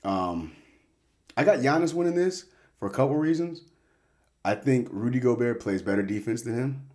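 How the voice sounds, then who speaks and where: A man's voice: mid-range voice, expressive, normal speed, a little mellow. A man hosting a casual sports talk show, laid-back and cursing freely as he gives his picks. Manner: laid-back, swears casually, self-interrupting. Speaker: podcast host.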